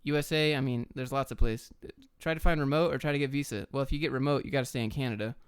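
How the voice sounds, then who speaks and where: A young man answering viewer chat questions on a live stream, giving quick, blunt, offhand answers. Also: medium pitch, steady tone, clean tone, dry recording, clean studio sound. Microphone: camera and desk mic.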